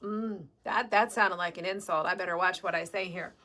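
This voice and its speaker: A woman's voice: fairly low pitch, fairly even intonation, fairly quick, pushed and bright. A woman with a Midwestern American accent hosting a live shop sale, chatty and upbeat, explaining step by step. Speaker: quilt shop host.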